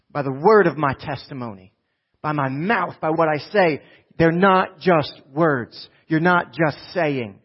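Pastor guy preaching in church, fired-up exhorting style, kinda high voice, muffled recording. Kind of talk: sermon. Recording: dull lo-fi recording.

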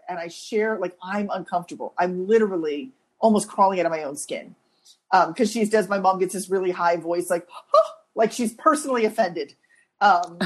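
A woman co-hosts a podcast in a relaxed, conversational way. Her voice has a slightly husky edge. She tells stories with animation and a self-deprecating humor. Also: mid-range voice. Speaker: podcast co-host. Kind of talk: casual conversational storytelling.

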